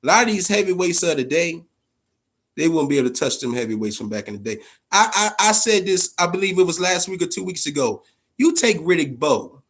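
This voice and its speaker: A little high and a little fast, this man hosts a boxing channel in casual live-stream chatter. He's animated and profane, and nearly every phrase ends with "man."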